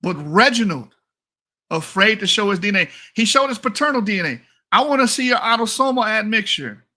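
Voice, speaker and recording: A man's voice: high-pitched, lively intonation, a little fast, sharp tone. A man from the United States giving a heated, profane commentary rant into a mic, repeating points for emphasis and laughing at his own jokes. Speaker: online commentator. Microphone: talking into a mic.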